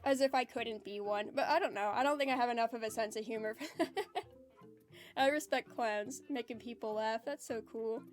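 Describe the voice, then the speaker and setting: A woman's voice: normal speed, faint music behind. A woman chatting casually with her livestream chat, reading messages aloud and giggling often. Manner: self-described low-energy and introverted. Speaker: streamer chatting with live chat.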